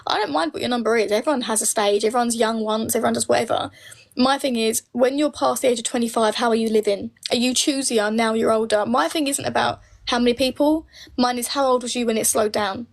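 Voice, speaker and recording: A woman's voice: fairly high pitch, fast, vocal fry. A woman in her late twenties, bluntly answering viewer comments on a live stream, swearing freely and speaking her mind. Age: late 20s. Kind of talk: casual live Q&A.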